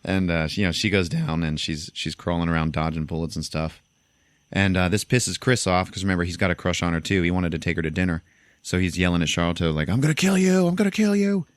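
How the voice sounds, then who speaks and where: Male podcast host, deep register, loose laughing storyteller; dry, close recording. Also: steady tone, a little fast, clear, resonant tone, no room sound. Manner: laughing storyteller, acts out lines. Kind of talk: casual film recap.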